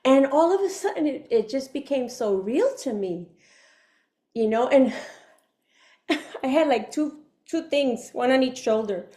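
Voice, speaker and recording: A woman's voice: high voice, expressive, a little slow, long pauses, dark tone. A woman giving her faith testimony as a guest, telling it with feeling, acting out her inner voices and laughing often. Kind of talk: emotional storytelling.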